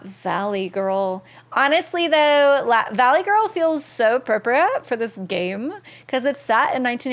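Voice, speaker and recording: A woman's voice: on the high side, fairly bright tone. A young woman streaming a video game, chatting in an upbeat way and thanking viewers by name. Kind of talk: casual live-stream commentary.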